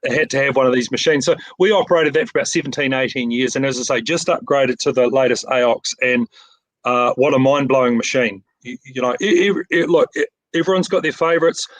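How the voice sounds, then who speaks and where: A man's voice: mid-range voice, a little fast, fairly bright tone, no room sound, rough recording. Enthusiastic New Zealand man, framer. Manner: enthusiastic, many restarts and repeated words. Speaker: picture framing shop owner. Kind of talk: casual interview chat.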